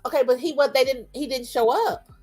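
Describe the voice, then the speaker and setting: A woman co-hosting a casual sports podcast, reacting in a quick, exasperated way. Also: high-pitched, fairly even intonation, a little mellow, faint music behind. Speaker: podcast co-host.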